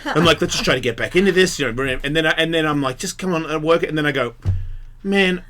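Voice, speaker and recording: A man's voice: fairly high pitch, fast talker, fairly bright tone, a little hiss or hum. Profane, rambling male radio host. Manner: rambling, profane, laughs through his own story. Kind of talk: crude comic storytelling on talk radio. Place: radio studio. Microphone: studio microphone.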